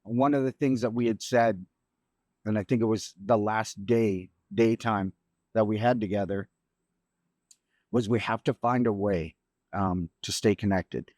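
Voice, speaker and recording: A man's voice: fairly low pitch, darkish tone, no room sound. Reflective middle-aged man, dry close mic. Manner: halting, reflective, many restarts. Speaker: guest, grieving father. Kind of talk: emotional storytelling.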